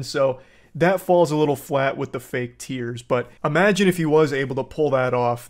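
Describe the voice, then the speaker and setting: A man giving sarcastic, animated reaction commentary on a clip. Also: mid-range voice.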